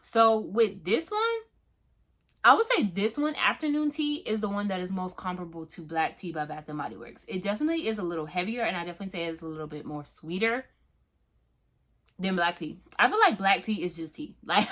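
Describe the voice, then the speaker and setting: A young Southern woman from Florida talks her way through a casual fragrance review, emphatic and chatty, with many fillers. Her voice sits a little low but sounds bright and forward. She keeps checking in with the listener as she goes. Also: lively intonation, a little fast. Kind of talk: casual product review vlog.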